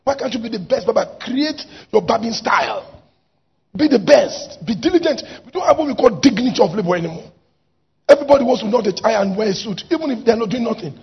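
Male preacher, gravelly high voice, shouts then drops low, muffled recording. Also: lively intonation, quick pace. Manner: emphatic, swings from shouted exhortation to quiet asides. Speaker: pastor. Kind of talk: sermon. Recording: dull lo-fi recording.

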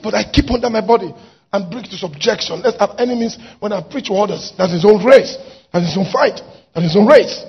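A pastor preaching a sermon, swinging from shouted exhortation to quiet asides. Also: male voice, high-pitched, creaky, husky. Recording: dull lo-fi recording.

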